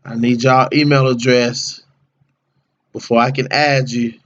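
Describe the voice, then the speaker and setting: A man's voice: medium pitch, fairly even intonation, a little slow, fairly bright tone, highs cut off. A man hosting a casual livestream, chatting with viewers by name in slangy, laid-back talk. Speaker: livestream host.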